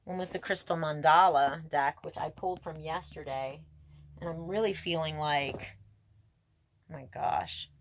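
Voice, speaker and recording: A woman's voice: deep voice, unhurried, slight background noise. A woman giving a casual tarot reading to camera outdoors, gushing and emotional, laughing and musing aloud to herself. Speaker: tarot reader.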